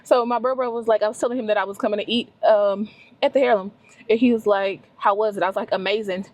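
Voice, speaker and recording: A woman's voice: fairly high pitch, steady tone, fast, a little mellow, no room sound. A woman, talking to herself on a casual, emotional solo travel vlog from her car. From Louisiana, US. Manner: chatty, emotional, talks to herself. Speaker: vlogger. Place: in a car and a restaurant.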